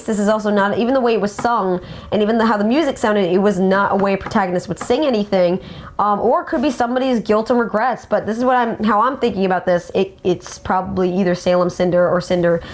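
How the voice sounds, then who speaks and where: A young adult woman hosting a casual fan show about song lyrics, talking with animated enthusiasm. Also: medium pitch. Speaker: host.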